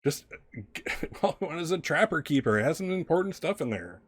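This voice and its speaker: A man's voice: expressive, a little slow, darkish tone, close to an everyday voice. A man voicing an angry, strict middle-aged stepmother who scolds and mocks. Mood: scolding. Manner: shrill, scolding, mocking.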